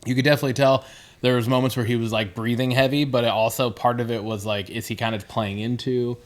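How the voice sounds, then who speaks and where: A man's voice: medium pitch, steady tone, quick pace. A man co-hosting a podcast, recapping wrestling matches in loose casual chat, joking and often restarting his sentences. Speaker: podcast co-host.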